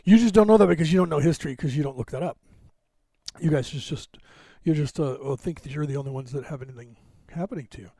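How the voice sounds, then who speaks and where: Hosting a live podcast stream, a US man chats casually, rambling with many fillers and restarts. He talks fast in a warm, higher-pitched voice with no room sound, recorded via a camera sitting on a box.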